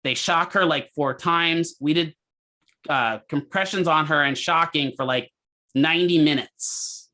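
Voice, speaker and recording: A man teaching a physical therapy class, telling a hospital story in a lively way and asking students questions. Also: on the high side, unhurried. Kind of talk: lecture with a clinical story.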